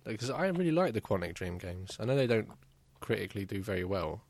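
A man's voice: fairly low pitch, very animated, quick pace, darkish tone, dry recording. A man chatting casually about video games, rambling with many fillers and restarts. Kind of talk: casual gaming chat.

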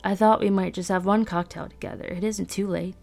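A woman reading aloud, speaking a cocky, smooth-talking teenage boy in a plain voice close to her own. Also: mid-range voice, fairly even intonation, fairly quick, a little mellow, faint music behind. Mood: suave. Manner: mock-suave, plain.

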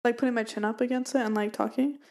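A woman's voice: a little high, steady tone, quick pace, vocal fry, darkish tone. A young woman co-hosting a podcast, chatting in a bubbly, rambling way and often calling out to listeners. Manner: bubbly, rambling, addresses listeners as "you guys". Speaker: podcast co-host. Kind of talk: casual chat. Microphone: studio mic with pop filter.

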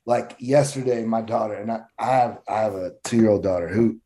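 A man's voice: fairly low pitch, a little fast, dark tone. A man talking candidly in a casual conversation about coaching and parenting. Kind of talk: casual chat.

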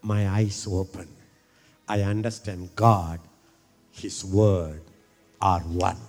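A middle-aged man preaching a sermon. He repeats his phrases and builds from quiet talk to shouting. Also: sits low, steady tone, slow, long reverb tail, soft background music.

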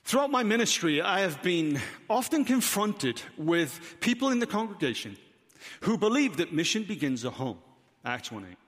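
Welsh man, pastor, preaching, high pitch, rhetorical questions, long hall reverb. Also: sing-song, normal speed, a bit bright. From Wales. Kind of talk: sermon.

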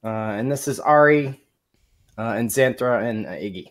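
A man playing a tabletop game, easygoing and a little halting. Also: mid-range voice, lively intonation. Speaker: player.

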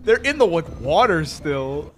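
A man's voice: fairly high pitch, big pitch swings, measured pace, crowd noise. A young man co-hosting a podcast, chatting casually about videos, laid-back and swearing. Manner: laid-back, says dude a lot, swears. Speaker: podcast co-host. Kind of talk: casual chat reacting to videos.

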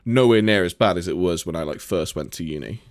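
A man from Nottingham with a Nottingham accent, telling stories in casual chat, sweary and animated. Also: low voice, fast talker, dry recording, clean studio sound. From Nottingham, England. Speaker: podcast co-host and gigging musician.

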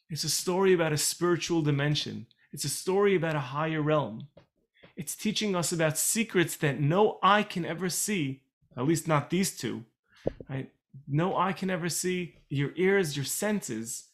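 A man teaching Torah in an online class over a video call, explaining in a chatty way and repeating key phrases. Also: a little high.

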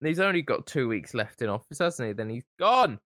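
A young man co-hosting a podcast, chatting sarcastically and now and then breaking into loud whoops. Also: mid-range voice, very animated, brisk, no room sound, studio quality. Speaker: podcast co-host. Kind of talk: casual comedic chat. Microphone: podcast mic.

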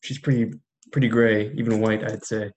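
A man chatting casually with a friend in a relaxed, easygoing way. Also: lowish voice, normal speed, dull audio. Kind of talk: casual chat.

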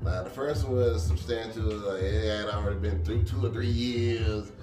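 A man in a relaxed podcast chat speaks in a blunt, laid-back way with a lowish voice. The room is echoey and loud music fills the background. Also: normal speed. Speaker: podcast guest. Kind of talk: casual chat.

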